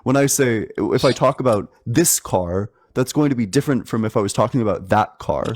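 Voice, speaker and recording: A man hosting an online debate, arguing in a measured, methodical way. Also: mid-range voice. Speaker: debate host.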